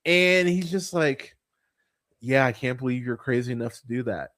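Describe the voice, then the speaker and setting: A man's voice: mid-range voice, normal speed, a bit bright. Exasperated, swearing male podcast host. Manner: exasperated, swearing, many fillers and restarts. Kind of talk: casual movie review rant.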